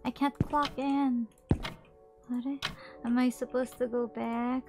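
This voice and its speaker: A woman's voice: on the high side, flat delivery, slow pace, music in the background. A woman streaming a horror game, jumpy and swearing, shrieking and whimpering as she plays. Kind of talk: live horror gameplay commentary.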